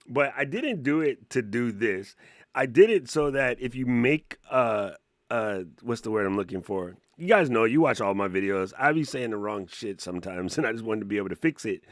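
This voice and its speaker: Excitable man giving a casual tech tutorial. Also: medium pitch, no echo, clean studio sound. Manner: excitable, laughs often, casual slang. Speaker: tech streamer.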